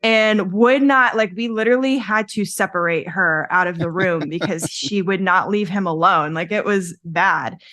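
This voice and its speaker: A woman's voice: fairly low pitch, fairly even intonation, normal speed, hardly any pauses, fairly bright tone, no room sound, clean studio sound. A woman co-hosting a casual podcast, telling stories in a chatty way and laughing often. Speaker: podcast co-host. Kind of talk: casual chat.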